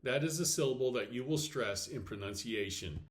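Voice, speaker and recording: A man teaching a recorded slide lesson, explaining step by step, checking in with "okay" and saying example words slowly and deliberately. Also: medium pitch, lively intonation. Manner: clear step-by-step explaining with frequent okays. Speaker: Latin teacher.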